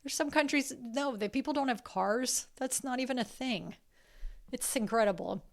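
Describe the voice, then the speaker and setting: Speaking at a moderate pace, this woman has a somewhat high voice with vocal fry. She hosts a podcast and comes across as casual, earnest and emotional, cursing occasionally, and she's from South Carolina.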